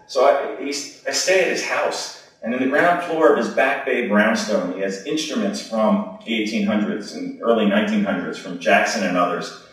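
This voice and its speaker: Low-voiced man lecturing in a big echoey hall. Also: recorded from a distance. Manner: storytelling, informal with fillers. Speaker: medical lecturer. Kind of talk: conversational lecture.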